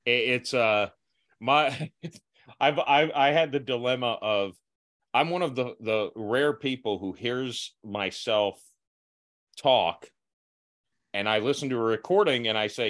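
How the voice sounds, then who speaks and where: A man's voice: mid-range voice, slow pace, a bit bright. A man hosting a podcast in casual chat, laughing often and joking at his own expense. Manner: laughs often, self-deprecating. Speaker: podcast host.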